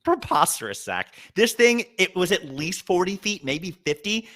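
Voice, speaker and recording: A man co-hosting a podcast, telling funny stories in casual comedic chat with an animated delivery that drops into low asides. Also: normal speed, few pauses. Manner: animated storyteller, swings between loud and low asides. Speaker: podcast co-host.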